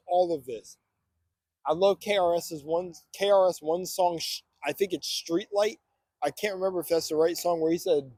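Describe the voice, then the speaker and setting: A man's voice: fairly high pitch, animated, moderate pace, dark tone, slightly rough, no room sound. A young man giving a fired-up morning motivational monologue on spirituality, preachy and swearing freely.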